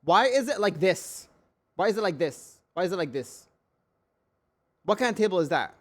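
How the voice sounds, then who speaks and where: A young male streamer with a slightly higher voice rants in casual live-stream chat. He talks in an irritated, sweary way and keeps repeating the same questions. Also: big pitch swings, moderate pace, long pauses.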